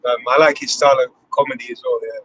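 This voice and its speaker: A man's voice: medium pitch, fast talker, low-quality recording. A man in his thirties hosting a loose live discussion, swearing often and rambling with enthusiasm. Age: 30s. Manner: animated, heavy swearing, rambling. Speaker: host.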